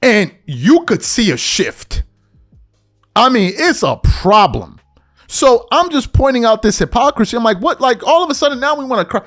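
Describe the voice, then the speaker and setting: This is a man hosting an opinion podcast, ranting with a very high, lively voice that swoops all over. He slips into shrill, whiny impressions of the people he mocks. Soft music plays faintly behind him. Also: normal speed. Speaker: podcast host. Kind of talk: opinion rant monologue.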